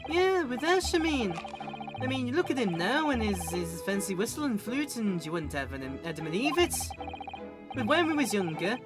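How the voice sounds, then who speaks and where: A woman voicing a cheeky grown brother with a Cockney accent and rough, broken grammar. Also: a little high, sing-song, normal speed, music in the background. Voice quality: rough-edged, dropped grammar.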